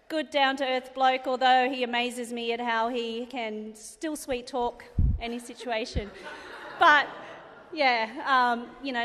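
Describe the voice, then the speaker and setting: Chatty high-voiced Australian woman. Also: fairly bright tone, a little hiss or hum. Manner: chatty, rambling, laughs often. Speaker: bride's sister giving a wedding speech. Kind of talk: casual wedding speech. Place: wedding reception venue. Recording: reverberant hall.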